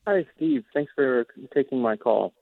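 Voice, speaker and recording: A man's voice: medium pitch, expressive, unhurried, gravelly, dry recording. A man from Oregon calling into a radio show, asking a question hesitantly with many ums and uhs. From Oregon, USA. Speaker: caller. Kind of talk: call-in question. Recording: tinny dry phone line.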